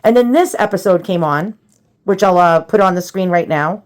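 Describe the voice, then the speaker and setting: A woman's voice: lowish voice, moderate pace, slight background noise. A woman hosting a casual show-and-tell vlog, chatty and rambling, with many fillers and restarts, nervous and self-deprecating. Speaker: antiques vlogger.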